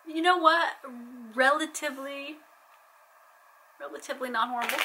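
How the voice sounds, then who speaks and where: A woman's voice: high-pitched, steady tone, quick pace, noisy background. A young adult woman chatting playfully in a casual vlog, joking as she tries snacks. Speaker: vlogger.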